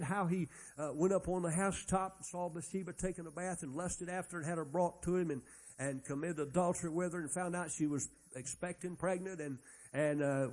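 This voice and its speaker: A man's voice: on the high side, a little mellow. A man preaching a sermon, retelling Bible stories in a folksy way and acting out the characters' lines. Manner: folksy storytelling, acts out Bible characters' dialogue.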